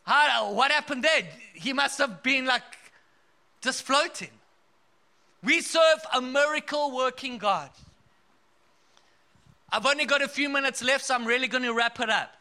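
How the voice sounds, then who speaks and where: A man's voice: very high-pitched, unhurried, long pauses, pushed and bright. A man from South Africa preaching a sermon, emphatic and storytelling, with bursts of laughter.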